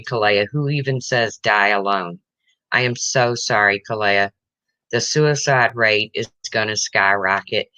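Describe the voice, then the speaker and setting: A woman's voice: rumbling low, bright, forceful tone, no echo, rough recording. A woman hosting a casual livestream chat, emotional and reading viewer comments aloud. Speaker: livestream host.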